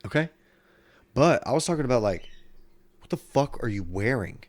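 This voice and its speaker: Animated and moderately paced, this male podcast host has a medium-pitched voice. He chats casually, wanders from point to point, curses freely and keeps restarting his thoughts.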